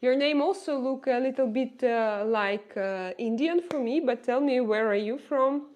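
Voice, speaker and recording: A woman with a Russian accent, a native Russian speaker, chatting on a live stream, reading viewer comments aloud and talking straight to them with many halting fillers. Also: sits high, darkish tone, muffled recording. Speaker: livestreamer.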